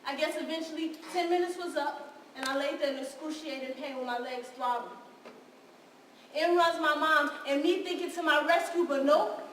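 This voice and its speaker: A woman's voice: high voice, moderate pace, fairly bright tone, slight background noise. An actress playing a wounded, defiant young woman who confesses to her counselor on a live stage, talking raw and confrontational. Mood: bitter, haunted. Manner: raw and confrontational, with bursts of bitter laughter. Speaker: stage actor. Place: theater stage. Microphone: distant room mic. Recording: echoey hall from far off.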